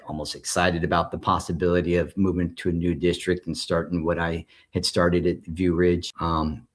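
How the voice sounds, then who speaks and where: Man, forties, former principal, personal storytelling, low pitch, breathy husky tone. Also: level tone, normal speed. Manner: recounts events while acting out quoted dialogue. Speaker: former school principal telling his story.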